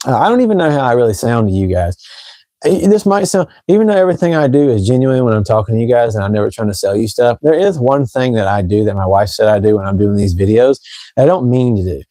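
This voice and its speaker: Fragrance host, man from Tennessee, light Southern accent, rambling chatty live-stream talk, mellow voice, dry room. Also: mid-range voice, lively intonation, fast, dry recording. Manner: rambling, chatty, talks straight to viewers. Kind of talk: casual live stream chat. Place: room at home.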